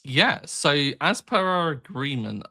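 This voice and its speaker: A man's voice: fairly high pitch, sing-song, takes it slowly, sharp tone. A man in his thirties co-hosting a podcast, dry and sarcastic in casual chat. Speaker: podcast co-host.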